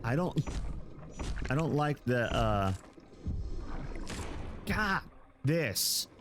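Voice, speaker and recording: Excitable man streaming a game. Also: medium pitch, extremely slow, background noise. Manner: excitable, yelps and exclaims often. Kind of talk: live gameplay commentary.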